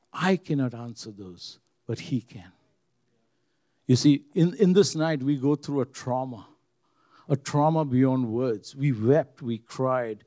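Man, pastor, sermon, earnest, repeats phrases, mellow dark tone, dry close sound. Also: mid-range voice, no room sound. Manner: earnest, rises loud then drops quiet, repeats phrases.

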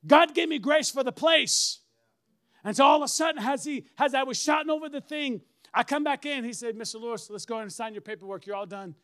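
High-voiced preaching man, shouting praise. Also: brisk. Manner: animated storytelling, bursts into shouted praise. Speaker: pastor. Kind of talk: sermon testimony.

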